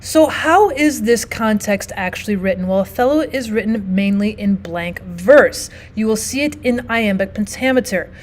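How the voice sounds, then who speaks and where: A woman teacher who narrates a recorded literature lesson in a steady, explanatory way. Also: mid-range voice, normal speed, hardly any pauses, slight background noise. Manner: explanatory, steady, often starts with "now" and "so".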